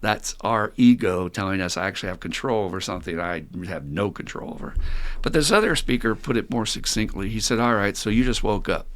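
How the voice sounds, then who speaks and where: A man's voice: fairly low pitch, a little fast, a bit bright. An older man, a podcast co-host in recovery, telling stories casually and animatedly, laughing often. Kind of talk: casual storytelling talk.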